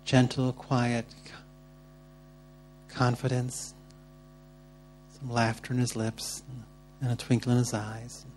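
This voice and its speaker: A man's voice: mid-range voice, flat delivery, slow pace, pauses often, a little hiss or hum. A man leading a church workshop, guiding the group through prayer and then encouraging people to share. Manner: gentle and encouraging, upbeat when calling on people.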